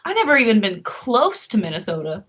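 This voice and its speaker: A woman's voice: on the high side, very animated, brisk, a bit bright, slight background noise. A young woman chatting casually on a live stream, rambling with fillers and small laughs.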